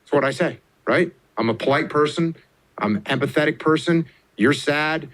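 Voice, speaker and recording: A middle-aged man giving motivational advice in a blunt, repetitive way, jumping up in pitch to stress key words. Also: moderate pace, a bit bright. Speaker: former military officer giving advice. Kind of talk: emphatic motivational talk.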